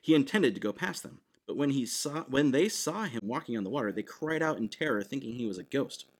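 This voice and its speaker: Animated, chatty male preacher. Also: mid-range voice, a little fast. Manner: casual and conversational, with frequent "like" and "right?". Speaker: pastor. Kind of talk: sermon.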